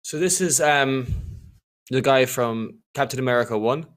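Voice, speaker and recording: A man's voice: medium pitch, normal speed. A man chatting casually on a podcast while commenting on a film. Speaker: podcast co-host.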